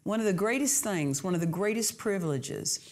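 A woman's voice: mid-range voice, animated, moderate pace, darkish tone. A woman preaching a sermon, earnest and emphatic, repeating key phrases for emphasis.

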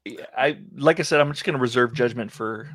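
A man's voice: mid-range voice, a little fast, fairly bright tone. A man co-hosting a casual podcast chat, laid-back and making joking asides. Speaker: podcast co-host.

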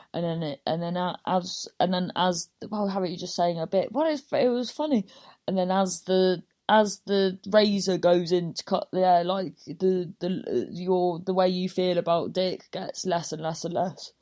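A woman's voice: fairly low pitch, a little mellow. Rambling, chatty woman. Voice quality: chatty, scattered, self-interrupting, swears often. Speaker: stand-up comedian. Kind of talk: rambling casual monologue.

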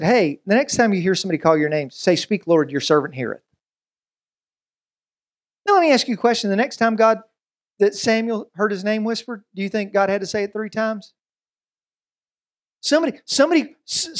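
A man preaching a sermon as pastor, conversational and animated, with quick asides and voiced quotes. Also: high-pitched.

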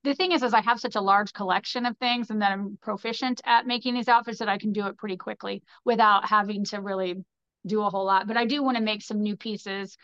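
A woman's voice: mid-range voice, fairly even intonation, fast, a bit bright, no echo. A woman guest on a podcast, telling stories in a casual, rambling way full of "like" and "you know". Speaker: podcast guest, fashion designer. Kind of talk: casual conversational storytelling. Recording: dull, muffled sound.

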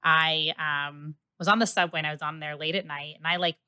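A woman's voice: deep voice, steady tone, fairly quick, bright, forceful tone, smooth, dry recording. A woman in her late twenties hosting a casual interview podcast, telling stories with lots of "like" fillers and a bit of swearing. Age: late 20s. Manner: chatty storyteller, many "like" fillers, swears freely. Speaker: podcast host.

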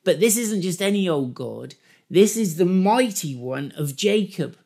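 Animated higher-voiced man teaching the Bible. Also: a little slow, creaky. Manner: animated, emphatic, stops to explain the text.

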